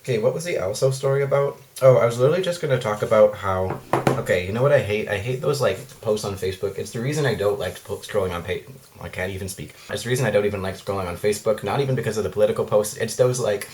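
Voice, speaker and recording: A man's voice: fairly low pitch, fast, darkish tone. Rambling young man, mukbang chat. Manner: rambling, self-mocking, lots of fillers, acts out quotes. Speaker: vlogger. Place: his room at night.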